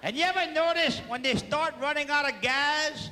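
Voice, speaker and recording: A man with a Cajun accent telling animated stand-up stories to a live audience, slipping in French phrases and acting out sound effects. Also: very high voice, moderate pace. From South Louisiana. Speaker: comedic storyteller. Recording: long hall reverb, faint crowd and noise.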